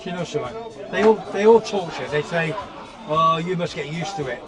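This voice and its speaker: A man from Gloucestershire with a West Country accent, co-hosting a casual livestream and rambling on in animated banter. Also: fairly high pitch, fairly quick. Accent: West Country English. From Gloucestershire, England. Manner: rambling, animated, repeats himself. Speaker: livestream co-host. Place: outdoors on a street. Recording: outdoor crowd noise with music.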